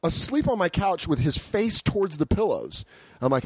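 A man hosting a comedy podcast, telling a story in a casual chat and acting out quotes with big jumps in pitch, swearing freely. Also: big pitch swings, normal speed, slightly rough, no echo. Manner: swears freely, laughs through stories.

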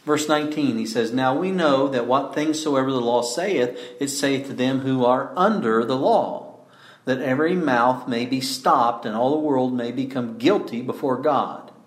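A man preaching a sermon, emphatic, often asking rhetorical questions and slowing down to stress key words. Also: medium pitch, echoey room.

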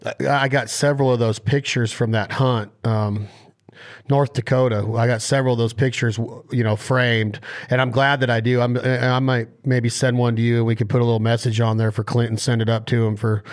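A man's voice: medium pitch, little pitch movement, a little fast. A man hosting a podcast, talking in a folksy, heartfelt way and often repeating himself. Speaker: podcast host. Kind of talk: casual podcast chat.

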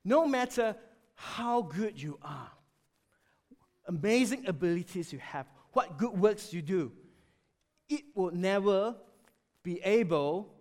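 A man preaching a sermon, emphatic and animated, often dropping suddenly to a quiet voice. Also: sits high.

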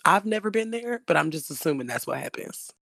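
A woman's voice: lowish voice, very animated, a little fast, creaky, a bit bright, dry recording, clean studio sound. A woman joking in laid-back casual chat.

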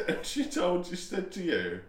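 A man's voice: high-pitched, very animated, measured pace. A man co-hosting a podcast, bantering casually and laughing often. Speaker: podcast co-host. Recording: roomy echo, faint noise.

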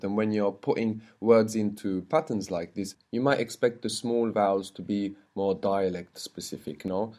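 A man gives a one-on-one lesson in a fairly low voice. He explains patiently, repeats each word slowly and has the learner say it back. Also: mellow. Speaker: Arabic teacher.

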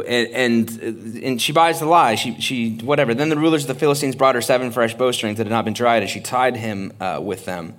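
A man preaching a casual sermon, talking in a conversational, joking, animated way. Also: medium pitch, normal speed. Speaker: pastor.

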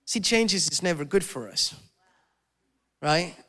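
A man preaching a sermon as pastor, animated and telling stories, often acting out the voices of people he quotes. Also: sits high, slow pace. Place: church hall. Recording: long reverb of a hall.

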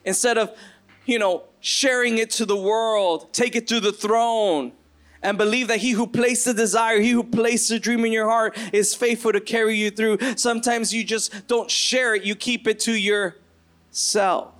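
A man's voice: high-pitched, steady tone, measured pace, fairly bright tone. A man preaching a sermon to his church, earnest and building to impassioned bursts. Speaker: pastor.

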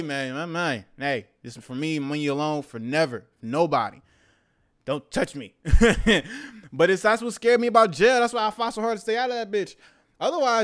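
Young male podcast host, raised pitch and a clean, resonant tone; loose, slang-heavy, animated solo rant. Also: smooth. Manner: slangy, profane, animated rants. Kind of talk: casual monologue.

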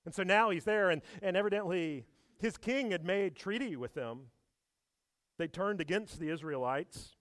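A man's voice: high voice, moderate pace, fairly bright tone, no room sound, clean studio sound. A man preaching a sermon, telling the story with animation and asking his listeners rhetorical questions. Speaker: pastor.

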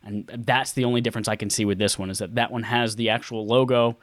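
A man's voice: lowish voice, quick pace, no echo, studio quality. A man co-hosting a casual podcast chat, playful and jokey. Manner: animated, playful, jokey asides. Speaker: podcast co-host.

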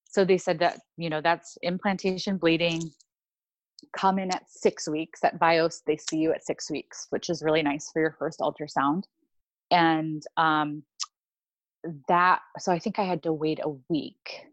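Woman, young adult, low voice, rambling, casual storytelling. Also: level tone, a little slow, dry recording. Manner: rambling, lots of fillers and restarts. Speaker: podcast guest. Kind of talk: personal story in casual chat.

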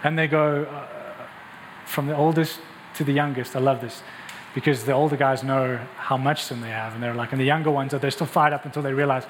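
A man preaching a sermon, telling the story in an animated, emphatic way. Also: mid-range voice, a little fast, long reverb tail, a little hiss or hum, rough recording. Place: church hall.

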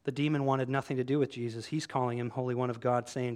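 A man preaching a sermon to his congregation, animated and conversational, acting out quoted voices as he tells the story. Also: mid-range voice, fairly quick. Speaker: pastor. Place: church room with congregation.

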